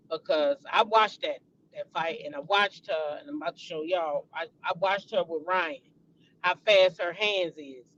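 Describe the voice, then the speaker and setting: A woman's voice: mid-range voice, fairly bright tone, lo-fi sound, a little hiss or hum. A woman hosting a celebrity gossip show, chatting casually and animatedly to her viewers and calling them y'all.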